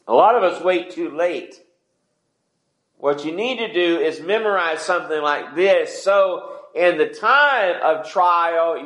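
Man, pastor, conversational sermon, slightly high voice, echoey church hall. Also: a bit bright. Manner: conversational preaching, asks the congregation questions. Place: church sanctuary.

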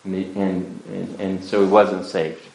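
A man's voice: sits low, level tone, a little slow, vocal fry, reverberant, low-quality recording. A pastor preaching an earnest, pleading sermon to his church. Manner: earnest, pleading preaching with wide swings in loudness.

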